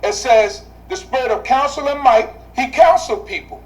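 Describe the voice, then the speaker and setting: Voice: high voice, lively intonation, normal speed, distant mic, low-quality recording. Bible teacher asking rhetorical questions. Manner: asks the class rhetorical questions; repeats key phrases for emphasis.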